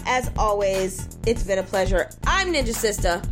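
Woman co-host, mid-pitched, breezy plug read, faint music underneath. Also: animated, moderate pace. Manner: upbeat, chatty, sings some words. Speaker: podcast co-host. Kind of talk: casual show outro with plugs.

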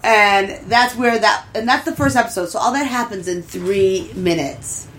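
A woman casually recapping a show in a podcast chat, chatty and lively, acting out the characters' lines in a raised voice. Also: moderate pace. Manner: chatty, lively, acts out quotes in higher voices. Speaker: anime reviewer.

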